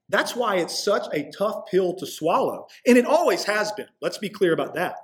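A man pastor preaching a sermon in a conversational way, slowing down to stress key lines. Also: high voice, sing-song. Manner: conversational preaching, slows for emphasis.

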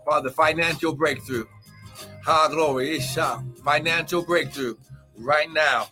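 A man preaching and praying as a pastor in a live morning service, fervent, with shouted exclamations and speaking in tongues. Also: a little high, steady tone, measured pace, over music. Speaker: pastor and prophet.

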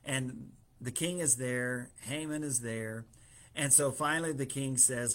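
A man's voice: mid-range voice, steady tone, unhurried, fairly bright tone. A man preaching in a casual way, retelling a story through quoted dialogue with fillers and small chuckles.

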